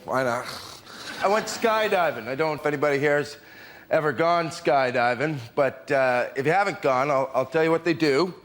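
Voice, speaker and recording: A man doing a halting, deadpan stand-up bit on a panel show. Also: a little high, a little hiss or hum. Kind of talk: stand-up routine.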